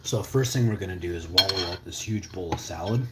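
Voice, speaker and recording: A man's voice: low-pitched, a little fast, reverberant, heavy background noise. Drowsy rambling man. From Canada. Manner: drowsy, rambling, trailing off into mumbles and whispers. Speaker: live streamer. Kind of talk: casual rambling live stream.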